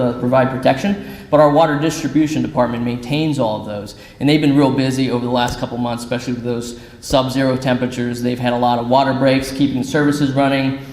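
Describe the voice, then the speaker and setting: A man's voice: medium pitch, a little mellow. A man serving as city service director, giving a public address in a plain-spoken, lightly joking way. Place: large hall. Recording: echoey hall with long reverb.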